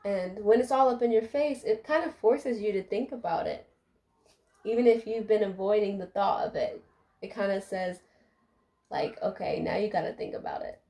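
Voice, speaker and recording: A woman's voice: mid-range voice, moderate pace, warm tone. A young adult woman giving a casual, heartfelt life update to her viewers while doing her hair, talking chattily with many fillers. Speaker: vlogger.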